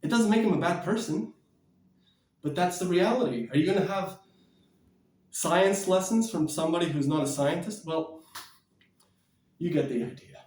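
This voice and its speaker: A man vlogging about diet and exercise in a blunt, energetic, preachy way, sometimes moving about as he talks. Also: sits high, normal speed, pauses often, echoey room, far from the mic. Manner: energetic, bouncing and shadow boxing while talking. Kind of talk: casual motivational vlog.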